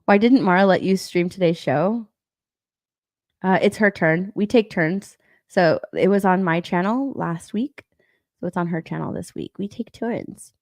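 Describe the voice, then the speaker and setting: A woman's voice: fairly low pitch, a little slow, a little mellow, no room sound, studio quality. A young woman chatting casually on a live stream, rambling and repeating herself, swearing and laughing. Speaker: stream co-host.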